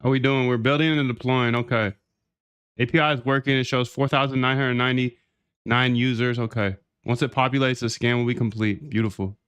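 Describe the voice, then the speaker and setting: A man's voice: medium pitch, fairly even intonation, fairly quick, a bit bright, clean tone, lo-fi sound. A man talking casually while coding live, chatty and loose, repeating his own phrases and calling the listener "dude.". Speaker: coder streaming a live build.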